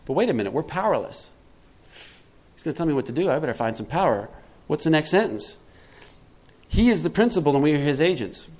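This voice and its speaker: A man's voice: a little high, big pitch swings, a little fast, darkish tone. A middle-aged man giving a twelve-step recovery talk to a group, conversational and emphatic, often putting questions to his listeners.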